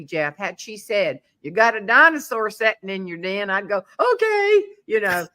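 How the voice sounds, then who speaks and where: A woman hosting a casual interview, telling animated stories and acting out the voices of people in them. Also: mid-range voice. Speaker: podcast host.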